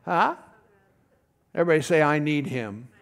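A man's voice: a little high, expressive, normal speed. A middle-aged man preaching a folksy, conversational sermon, often calling out to his congregation.

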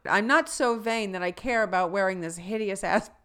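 A woman voicing a vain, stubborn teenage girl in a loud, exaggerated, mocking way. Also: mid-range voice, normal speed, smooth, natural voice. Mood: haughty, mocking.

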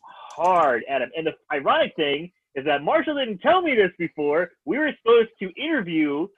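A man with a high, lively voice co-hosting a casual podcast. His voice sounds tinny and thin, like it is coming through a phone line. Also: moderate pace, breathy edge, no room sound. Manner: animated storyteller. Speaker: podcast co-host. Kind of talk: casual chat.

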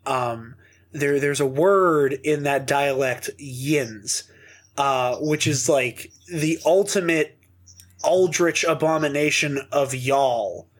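A man's voice: fairly high pitch, slow. A man from the Pittsburgh area with a Pittsburgh accent, rambling in casual podcast chat, with lots of fillers and laughs. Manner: rambling, laughs often, many fillers and restarts. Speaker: podcast guest.

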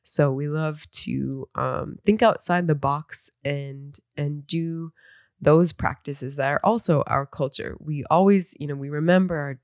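A woman's voice: deep voice, unhurried, smooth, dry recording, studio quality. Earnest young mother, encouraging tone. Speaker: mother sharing parenting traditions. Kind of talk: reflective talk.

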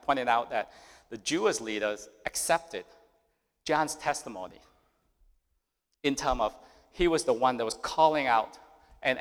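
Male pastor, mid-pitched voice, chatty sermon with scripture reading, long hall reverb. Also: fairly bright tone. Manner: conversational preaching, reads scripture then asks listeners questions.

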